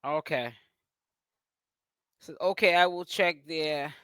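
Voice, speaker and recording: A man's voice: a little high, takes it slowly, sharp tone, clean tone, dry recording. Man from Boston hosting a live stream. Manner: chatty, addresses chat and guests directly. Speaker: livestream host. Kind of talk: casual livestream chat.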